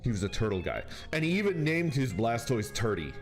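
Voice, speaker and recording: Lively, laughing male streamer. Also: mid-range voice, a little fast. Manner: laughs often, rambling and animated. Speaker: streamer chatting with viewers. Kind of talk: casual rambling storytelling. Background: faint background music.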